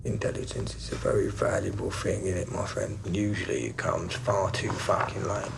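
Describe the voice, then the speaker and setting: An actor playing a volatile, menacing gangster baker and distiller, with a gravelly, mocking voice that swings from loud to hushed. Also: male voice, sits low, steady tone, normal speed, noisy background. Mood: threatening. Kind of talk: television crime drama.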